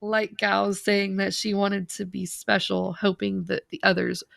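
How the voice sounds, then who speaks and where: Gravelly-voiced woman co-hosting a podcast. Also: mid-range voice, little pitch movement, measured pace, dry recording. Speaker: podcast co-host. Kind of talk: casual review chat.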